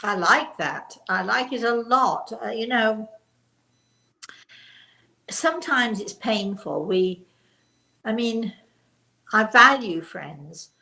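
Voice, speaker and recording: This older woman talks in a relaxed, chatty way, hosting and teaching, and she leans hard on the words that matter. Her voice has a gravelly edge. It carries a roomy echo. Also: fairly high pitch, takes it slowly, pauses often. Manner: emphatic on key words, warm chatty restarts. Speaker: host and spiritual teacher. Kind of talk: live-stream chat and teaching.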